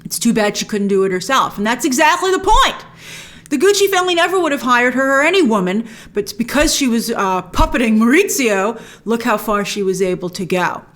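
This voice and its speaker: A woman hosting a spoiler movie review, opinionated and animated, acting out lines she quotes. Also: a little high, brisk.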